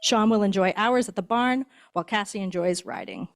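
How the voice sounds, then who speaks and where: A woman who trains guide dogs stands before a graduation crowd, introducing each team. Her voice sits at a middle pitch, and she talks in a friendly, chatty way with small laughs scattered through her lines. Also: a little fast. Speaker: guide dog instructor. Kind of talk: graduation ceremony speech. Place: indoor ceremony hall.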